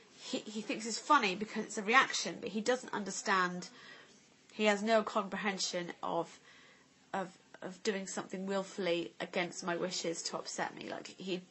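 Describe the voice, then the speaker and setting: A woman's voice: mid-range voice, a bit bright, slight background noise. A woman, a mother vlogging at home, chatting candidly to camera with lots of "like" and "you know". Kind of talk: casual chat to camera. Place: family home.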